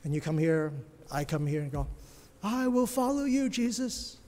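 A man preaching a sermon as pastor, dropping to hushed whispers and then rising to loud, emphatic bursts. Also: on the high side, sing-song, moderate pace. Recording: long reverb of a large hall.

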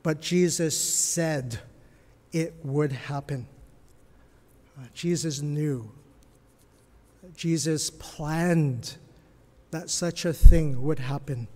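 A man preaching a sermon as a pastor, earnest and slow with emphatic swells in his delivery. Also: fairly high pitch, dark tone, big-room sound.

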